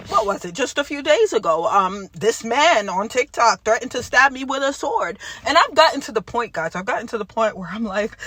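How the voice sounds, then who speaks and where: A woman vlogger talking straight to the camera in an impassioned monologue, jumping from yelling to hushed tones. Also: fairly high pitch, husky, no echo.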